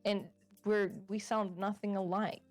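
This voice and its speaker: Animated Swedish-accented woman, casual chat. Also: medium pitch, measured pace, soft background music. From Sweden. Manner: animated, acts out quoted remarks. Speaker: guest VTuber.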